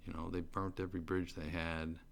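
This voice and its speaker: A gravelly, low-pitched middle-aged man speaks briskly and evenly while telling the story of being sentenced. The testimony is casual and rambling, full of fillers and restarts, against faint background noise.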